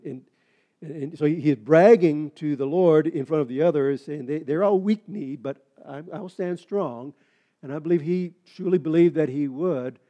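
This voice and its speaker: A man preaches a sermon in a warm, mellow voice that sits a little high for a man. He stumbles and restarts often, then builds into emphatic, rising preaching. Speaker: pastor.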